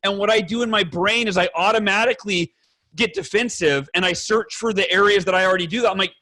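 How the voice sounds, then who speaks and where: A man's voice: high-pitched, quick pace, sharp tone, low-quality recording. A man speaking as a guest on a podcast, earnest and emphatic, talking bluntly with fellow fathers and swearing now and then. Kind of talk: candid podcast conversation.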